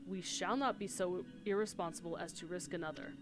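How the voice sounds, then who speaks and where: An actor plays a middle-aged engineer chief in a game cutscene, gruff and principled. He speaks firmly and earnestly, each point carefully weighed. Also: high voice, fairly even intonation, a little fast, music in the background, natural voice. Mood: stern. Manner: firm, earnest. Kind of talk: voiced game cutscene dialogue.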